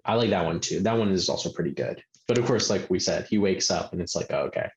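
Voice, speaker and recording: A man's voice: deep voice, fast talker. A man co-hosting a podcast, casually talking through a film and filling his sentences with "like". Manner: rambling, heavy use of filler "like". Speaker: podcast co-host. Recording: roomy, muffled, faint hiss.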